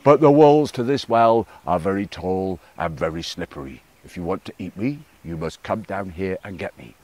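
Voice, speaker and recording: A man voicing a calm, sly female frog in a told folk tale, speaking lower and slower than his narration. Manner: low, unhurried and knowing.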